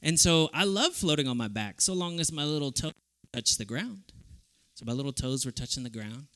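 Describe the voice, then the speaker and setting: A man from South Texas preaches to a youth group with a somewhat high voice. He tells funny stories, acting out the people in them, then drops to soft, earnest reflection. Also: moderate pace. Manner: animated, humorous, acts out quoted voices. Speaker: youth camp speaker. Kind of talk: youth sermon with storytelling.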